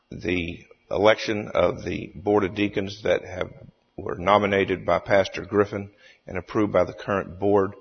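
A man chairing a church meeting, speaking haltingly with many fillers and restarts. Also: low-pitched. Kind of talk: formal meeting chairing with a joke. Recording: echoey hall, dull lo-fi sound.

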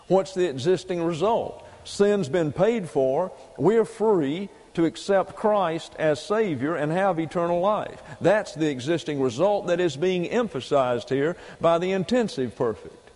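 Slow, methodical preacher in a reverberant hall. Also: male voice, fairly high pitch, a little mellow. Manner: methodical, point-by-point, repeats key phrases for emphasis. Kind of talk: doctrinal sermon teaching Greek grammar.

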